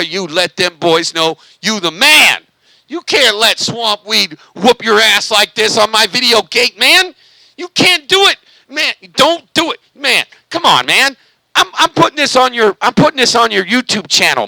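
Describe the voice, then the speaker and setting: A high-pitched, bright and gravelly man whooping and chanting over a CB radio. His voice is recorded dry and close, with a tense, forceful edge. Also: no room sound, rough recording. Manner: hyped, repetitive, cheerleading chants. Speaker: CB radio vlogger. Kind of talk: excited CB radio banter.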